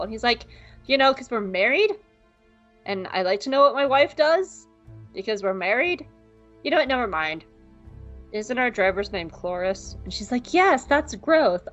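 A woman with a fairly high voice recaps a show episode on a podcast, loose and profane, jumping into quick impressions of the characters as she goes. The audio is slightly dull and lo-fi, with faint music underneath. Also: a bit bright. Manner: playful and profane, acting out characters' lines in quick bits. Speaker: podcast co-host.

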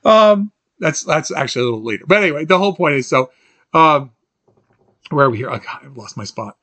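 A man casually recapping a film as podcast host, animated, quoting scenes and laughing often. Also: fast, dry recording. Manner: animated, quotes scenes in jumpy high voices, laughs often.

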